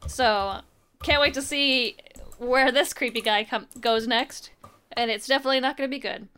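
A young woman with a fairly high voice talks through a comic issue in a loose, chatty way. She tosses in wry asides and briefly mimics the characters as she goes. There is a faint hiss behind her. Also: normal speed, sharp tone. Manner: chatty, wry asides, acts out quoted lines. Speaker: podcast co-host. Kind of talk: casual comic book recap.

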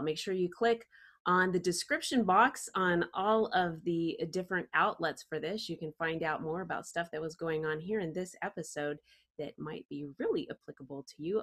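A woman's voice: low voice, a bit bright. Effusive woman hosting an interview. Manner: enthusiastic, effusive praise. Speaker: podcast host.

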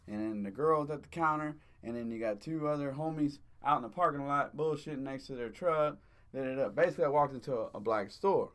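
A man's voice: medium pitch, fairly quick, fairly bright tone. A man in casual chat, telling a rambling story with profanity and frequent laughs.

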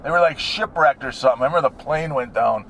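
Driving his car, a middle-aged vlogger talks to the camera, rambling off topic and cracking crude jokes. His voice is medium in pitch, quick, and a little bright, with faint road noise behind him.

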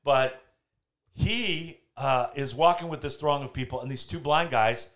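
A man's voice: mid-range voice, a little slow. A man hosting a casual faith talk from home, telling stories and acting out the quotes he tells. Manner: animated storyteller, acts out quotes. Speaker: podcast host.

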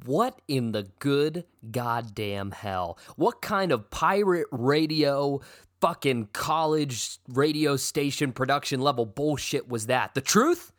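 A man's voice: mid-range voice, animated, slow, no echo, studio quality. A man hosting a comedic fantasy football podcast, ranting indignantly with lots of profanity. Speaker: podcast host.

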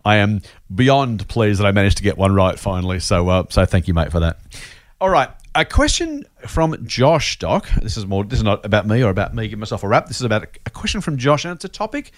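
A man co-hosting an investing podcast, talking quickly in a low-pitched voice. He is chatty and self-deprecating and often doubles back on his words. The sound is dry and close to the mic. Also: big pitch swings, no room sound. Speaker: podcast co-host. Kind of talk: casual investing podcast chat.

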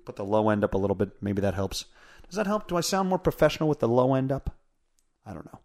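A man's voice: medium pitch, lively intonation, fast, a little mellow. A man hosting his own podcast in a casual, blunt and profane rant, poking fun at himself, recorded at home on a mic with a pop filter. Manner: blunt, profane, self-mocking. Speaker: podcast host. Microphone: studio mic with pop filter through a mixer.

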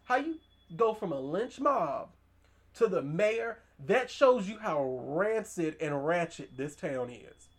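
A woman hosting a podcast, recapping a horror movie in casual chat, animated and emphatic, with slang and side comments. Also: fairly low pitch, takes it slowly. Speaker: podcast host.

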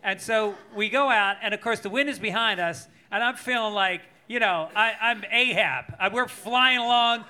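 A man's voice: high-pitched, moderate pace, hardly any pauses, sharp tone. A male comedian guest on a live podcast, telling a rambling, profane childhood story with laughter. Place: live show on stage.

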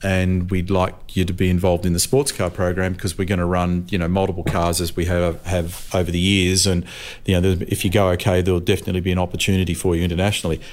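An older Australian motorsport commentator, appearing as an interview guest, shares racing anecdotes in a chatty, laughing manner and acts out voices. He talks fast in a low-pitched voice with little pitch movement, over slight background noise.

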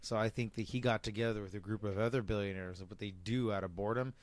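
A man with a fairly low voice jokes around in a relaxed group conversation. He floats outlandish theories with a playful manner. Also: fast, no room sound. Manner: joking, offers wild theories. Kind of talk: casual group discussion.

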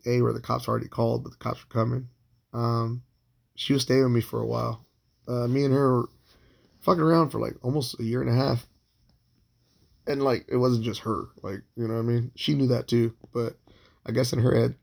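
A young man telling a long personal story in a casual, rambling way, swearing constantly and filling pauses with um and like. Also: medium pitch, vocal fry, darkish tone, breathy edge. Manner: profane, rambling, heavy filler words.

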